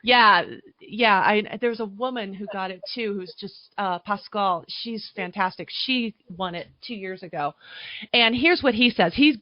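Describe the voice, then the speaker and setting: A woman's voice: mid-range voice, no echo. Woman musing over a dull, dry call. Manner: thoughtful, lists facts with pauses. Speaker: wine podcast guest. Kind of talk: casual chat on a video call. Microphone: video call.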